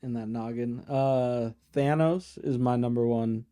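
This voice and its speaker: Laid-back male co-host with a mellow voice. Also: mid-range voice, steady tone, unhurried. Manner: laid-back, brief interjections and questions. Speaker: podcast co-host. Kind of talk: casual movie review chat.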